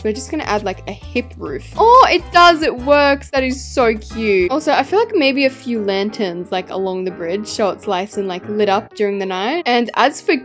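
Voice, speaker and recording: A young woman with an Australian accent giving chatty, excitable commentary while building in a game, with self-mocking asides. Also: fairly high pitch. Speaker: gaming YouTuber.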